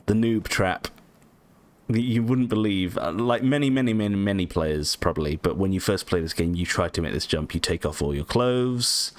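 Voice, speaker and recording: Let's-play host: low-pitched man, rambly and animated, swears casually over gameplay. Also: a little hiss or hum. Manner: rambling, lots of ums, casual swearing, self-mocking. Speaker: gaming channel host.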